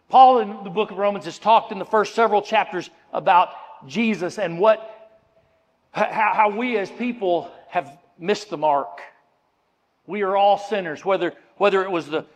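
A man preaching a sermon in earnest, slowing down and dropping to a near hush on key phrases. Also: high-pitched, in a large hall. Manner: earnest preaching, slows and drops to a hush for emphasis. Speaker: pastor.

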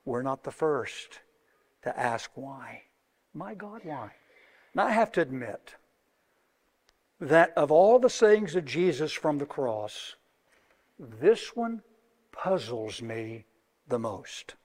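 A middle-aged man preaching a sermon, moving between hushed, slow words and loud, emphatic passages. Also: medium pitch, sing-song. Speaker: pastor. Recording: long reverb of a large hall.

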